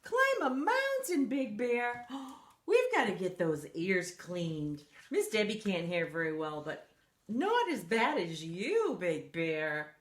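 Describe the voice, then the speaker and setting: A woman's voice: on the low side, huge pitch swings, slow pace. A woman reading a picture book aloud to children, playfully asking her young listeners questions as she goes, in a roomy, echoey space. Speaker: children's story reader. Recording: roomy echo.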